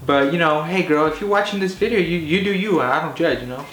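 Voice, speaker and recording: A man's voice: a little high, fairly quick. Rambling, swearing man telling a story. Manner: animated, rambling, lots of swearing and filler. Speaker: comedy vlogger. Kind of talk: casual profane storytelling. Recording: echoey room with faint hiss.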